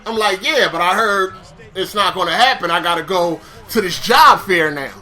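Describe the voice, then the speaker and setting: A young man casually telling a story, animated, swearing and acting out conversations. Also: sits high, moderate pace.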